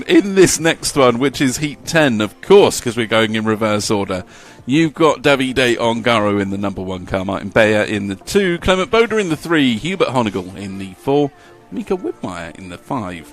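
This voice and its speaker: A man commentating a live model car race, chatty and jokey, reading out lap times. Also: medium pitch.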